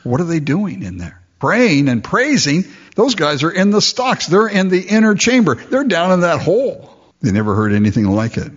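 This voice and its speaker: A man preaching a sermon, explaining the text with animated asides and mocking voices. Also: on the high side, normal speed. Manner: lively expository preaching with mock voices and asides. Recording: dull lo-fi recording.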